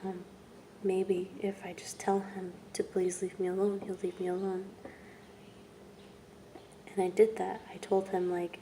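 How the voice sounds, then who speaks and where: A young woman telling her own story in a vlog, speaking softly and haltingly, with long pauses and words that trail off into whispers. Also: medium pitch, level tone, slight background noise. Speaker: vlogger. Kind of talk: personal testimony vlog.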